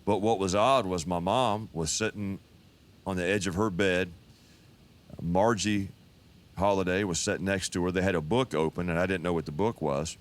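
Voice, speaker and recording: A pastor in his fifties telling his life testimony in a relaxed, folksy storytelling manner. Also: deep voice, normal speed. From Texas. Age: 50s.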